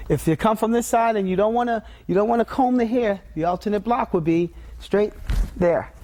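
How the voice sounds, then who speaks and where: A man with a fairly high voice leads an instructional demonstration as a martial arts instructor. He calls out drill commands and talks through blocks and strikes step by step. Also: a little fast, a little mellow.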